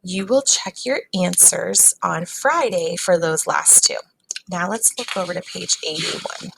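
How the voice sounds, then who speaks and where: A woman teacher giving a recorded phonics lesson to young students, patient and sounding words out slowly. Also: lowish voice, creaky, noisy background.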